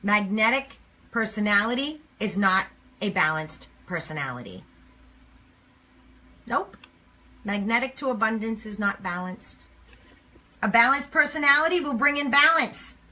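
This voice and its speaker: A woman speaking emphatically to camera as a motivational speaker, swinging between loud and hushed lines. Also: high-pitched.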